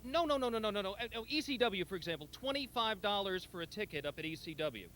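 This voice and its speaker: A man's voice: sits high, expressive, fast, a bit bright, slight background noise, poor audio. A man playing a TV owner who argues with his promoter, pushy and stammering as he insists. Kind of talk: scripted on-air argument.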